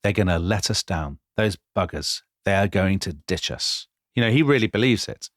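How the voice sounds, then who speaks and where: Animated man telling history. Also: low-pitched, normal speed, no room sound, clean studio sound. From Britain. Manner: animated, dramatizing quotes with voice changes. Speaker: podcast co-host. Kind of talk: conversational history storytelling.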